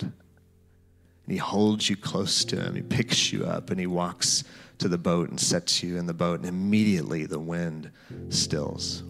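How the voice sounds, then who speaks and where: A man's voice: deep voice, steady tone, measured pace, creaky, a bit bright, soft background music. A man preaching a sermon, telling a story in guided imagery and speaking to the listeners as "you". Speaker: pastor.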